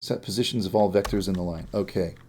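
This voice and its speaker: A man's voice: deep voice, fast talker, dark tone, a little hiss or hum. A sleepy man streaming as a game developer, muttering to himself while he works and throwing in jokey asides. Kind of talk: live-stream coding commentary.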